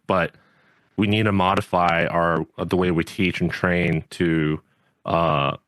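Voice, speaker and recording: A man's voice: deep voice, a bit bright, no echo. A man hosting a podcast, talking in an earnest, rambling way with many fillers and restarts. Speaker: podcast host and judo coach. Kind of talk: casual podcast chat.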